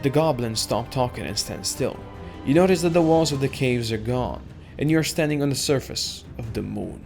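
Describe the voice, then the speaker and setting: A man reads an AI text adventure aloud as its player, narrating in a steady second-person voice. His pitch sits in a middle range. Faint music plays in the background. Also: moderate pace, vocal fry.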